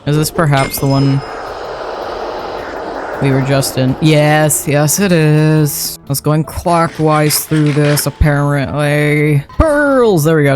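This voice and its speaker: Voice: medium pitch, a little mellow. A gameplay commentator talking casually while playing, rambling and correcting themself with playful asides.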